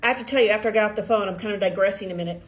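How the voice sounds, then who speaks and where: A woman's voice: medium pitch, very fast, faint music behind. A middle-aged woman telling a personal story to camera in a chatty, rambling way, often restarting and correcting herself. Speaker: vlogger sharing a personal health journey.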